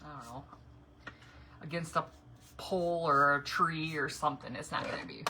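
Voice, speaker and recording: A woman's voice: deep voice, normal speed. A middle-aged woman chatting casually and rambling as she paints a craft project on a home livestream, laughing often. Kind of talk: casual live-stream chat while painting. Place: home yard or garage. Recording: noisy home livestream audio.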